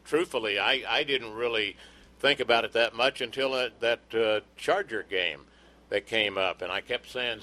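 A man's voice: mid-range voice, moderate pace, pushed and bright. A man hosting a sports talk radio show, chatting loosely with plenty of fillers and restarts.

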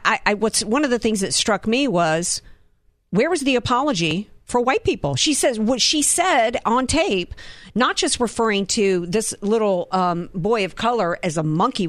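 A woman's voice: mid-range voice, no echo. Woman from the Southern US, political commentator, indignant, rhetorical questions, dry close sound. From Southern United States.

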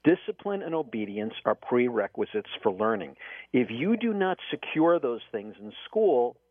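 A man in his fifties from New York City, talking on radio in a forceful, emphatic way and waving off opposing views. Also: mid-range voice, sing-song, normal speed, no echo. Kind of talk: opinionated radio talk. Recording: tinny phone line.

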